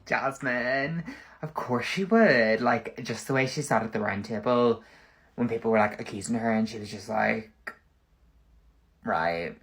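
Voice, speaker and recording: A man, rambling through a casual comedic monologue full of "like" and quick backtracking. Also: mid-range voice, a bit bright. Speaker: content creator.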